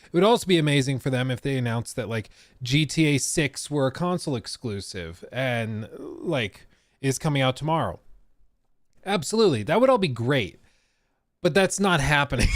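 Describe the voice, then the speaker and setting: Man, 30s, live stream host, casual chat, sarcastic asides, fairly high voice, dry close mic. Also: no echo. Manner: chatty, joking, sarcastic asides with fillers.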